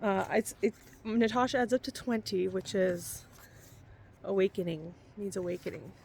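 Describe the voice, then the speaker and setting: A woman's voice: mid-range voice, normal speed, gravelly, darkish tone, breathy edge. A woman vlogger chatting casually and unscripted to camera outdoors in a forest, rambling and correcting herself as she goes.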